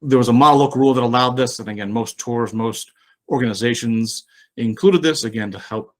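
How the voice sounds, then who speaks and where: A man presenting a webinar as a rules official, talking in a relaxed, explanatory way with frequent fillers and restarts. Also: medium pitch, fairly quick. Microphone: online webinar mic.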